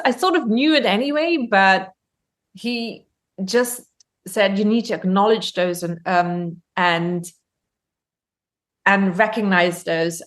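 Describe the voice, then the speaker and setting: A woman's voice: mid-range voice, a bit bright. A German-born woman chats as a podcast guest, her voice in a middle register. She tells her stories loosely, full of ums, restarts and asides. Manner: chatty storytelling, frequent ums and restarts. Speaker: guest author. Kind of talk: podcast interview.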